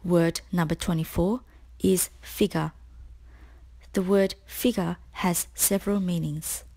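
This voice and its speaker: Slow, gravelly woman teaching spelling. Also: on the low side, steady tone, mellow. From Australia. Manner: slow, clear, deliberate explanations. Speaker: spelling tutor. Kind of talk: scripted spelling lesson.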